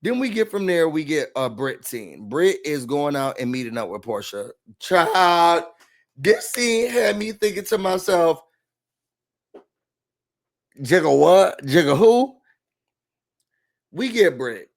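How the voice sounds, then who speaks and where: Guy doing a dramatic reality tv recap rant, slangy, kinda high voice. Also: a little slow. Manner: animated, dramatic, slangy asides.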